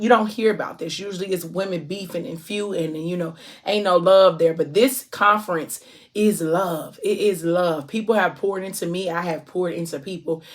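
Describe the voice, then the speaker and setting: A woman from Ohio chatting casually to her viewers as a vlogger, effusive and full of endearments. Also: lowish voice. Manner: effusive, warm shout-outs, drawn-out endearments. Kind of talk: casual chat to camera.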